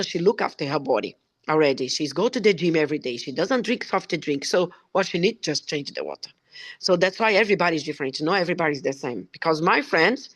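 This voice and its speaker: A woman from Belgium, acting as a product presenter, shares an emotional, earnest testimonial on an online call in broken English. Her voice is fairly low, and there is no room sound.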